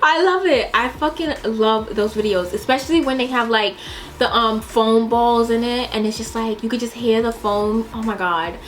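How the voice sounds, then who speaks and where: A young woman chatting in a casual question-and-answer vlog, dramatic and animated, laughing often and swearing. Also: on the high side, moderate pace. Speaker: vlogger.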